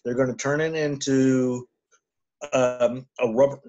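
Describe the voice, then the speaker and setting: A man with an ordinary mid-range voice chats on a fan podcast, steady and measured, often circling back to repeat his point. The sound is dull and lo-fi. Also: medium pitch. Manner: measured, repeats himself, interjects agreement. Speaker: podcast co-host. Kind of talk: casual fan chat.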